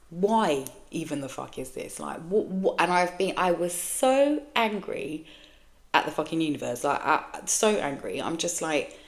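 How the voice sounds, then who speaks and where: A woman in her forties, hosting her own podcast, talks frankly and emotionally in a blunt, sweary monologue. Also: sits low. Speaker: podcast host. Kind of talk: candid personal monologue.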